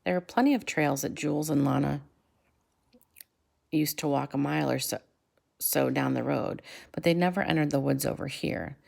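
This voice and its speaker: Low, gravelly woman reading a story. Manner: measured, slows and drops to a hush for effect. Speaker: reader. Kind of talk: reading a children's novel aloud.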